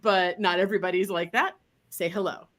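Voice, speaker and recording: A woman dog trainer appears as an interview guest, explaining her method in a casual, animated way and sometimes putting on voices for the dogs. She speaks briskly, at a fairly low pitch.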